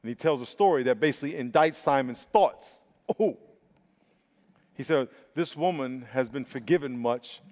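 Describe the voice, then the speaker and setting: A male pastor preaching a sermon with emphatic, drawn-out stresses and repeated words. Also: mid-range voice, a little mellow. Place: church sanctuary. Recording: long reverb of a large hall.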